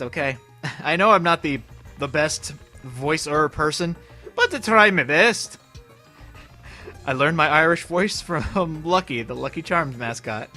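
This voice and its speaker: A man chatting his way through a video game, his voice bright and fairly high, swinging widely up and down as he talks. He bursts into loud playful outbursts now and then, with game music playing faintly behind him. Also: lively intonation, measured pace. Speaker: let's play host. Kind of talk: casual gameplay commentary.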